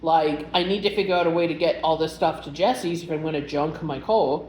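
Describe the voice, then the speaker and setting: A young woman vlogger with a low, slightly fast voice tells a personal story in a casual vlog, rambling emotionally and animatedly, stuffing her speech with "like" and other fillers. The recording has a roomy echo and a faint background hum.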